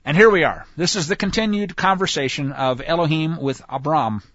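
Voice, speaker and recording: A man's voice: a little high, a little fast, a bit bright, no room sound. A man teaching through a Bible passage in a folksy, conversational way, with asides to his listeners. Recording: dull lo-fi dry recording.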